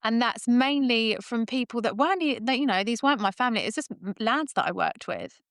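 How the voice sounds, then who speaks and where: A woman in her thirties, a roofer and business owner, chatting as a guest in a podcast interview and telling lively stories with frequent laughs. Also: fairly high pitch, fairly quick, dry recording, studio quality. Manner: lively storyteller, laughs often. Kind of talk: casual interview chat. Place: podcast recording.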